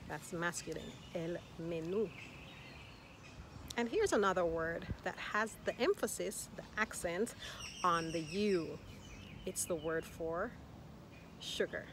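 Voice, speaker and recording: Woman, Spanish teacher, slow careful repetition, encouraging, outdoor park, clear birdsong and traffic behind. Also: lowish voice. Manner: slow, careful, repeats each word. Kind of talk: language lesson.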